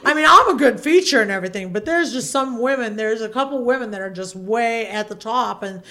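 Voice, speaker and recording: A woman with a high, bright-pitched voice tells a story in a relaxed chat. She gets animated and laughs easily. She acts out her own panic with loud, high-pitched yelps. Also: brisk, a crowd in the background. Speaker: podcast guest, former feature dancer.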